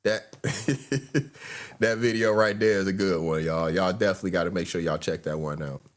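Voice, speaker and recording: A man's voice: deep voice, normal speed. Blunt man talking to his viewers. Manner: blunt, addresses viewers as y'all. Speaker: host. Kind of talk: reaction commentary.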